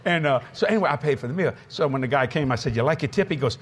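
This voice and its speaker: A man's voice: a little high, racing, breathy edge. A man preaching a sermon at a convention, telling funny stories with laughing asides. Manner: storytelling, laughing, lively asides. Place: convention hall.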